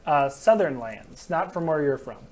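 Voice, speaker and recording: A man's voice: a little high, lively intonation, moderate pace, crowd noise. A man narrating as game master in a game store, rambling and laughing between descriptions.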